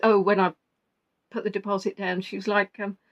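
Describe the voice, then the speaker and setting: A woman's voice: medium pitch, flat delivery, normal speed, muffled recording. A woman vlogger telling a story casually and emotionally, rambling and flustered, quoting what others said. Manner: rambling, flustered retelling with quoted dialogue.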